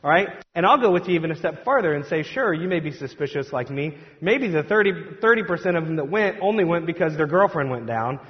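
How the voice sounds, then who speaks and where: A man's voice: a little high, animated, fast, few pauses. A male pastor giving a conversational, joking sermon in a church sanctuary, acting out the voices of the crowd. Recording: dull sound with long hall reverb.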